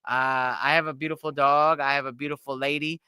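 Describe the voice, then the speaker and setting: A man's voice: fairly high pitch, level tone, brisk, bright, forceful tone, clean tone, no room sound. A man co-hosting a casual recovery talk, upbeat and reflective, often tagging thoughts with "right?". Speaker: musician and podcast co-host.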